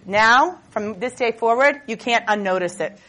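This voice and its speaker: A woman speaks from a stage as a motivational speaker, her voice sitting a touch high. She talks nonstop in a lively, storytelling way, dropping self-mocking jokes as she goes. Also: normal speed. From Boston. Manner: jokey, self-mocking asides. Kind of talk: stage talk.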